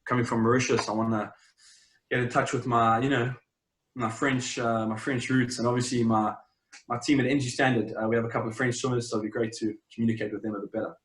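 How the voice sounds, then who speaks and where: A man's voice: medium pitch, little pitch movement, quick pace. A young South African man with a South African accent, chatting casually as an interview guest, rambling with lots of fillers and restarts. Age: young adult. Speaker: interview guest, champion swimmer. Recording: roomy, echoey sound.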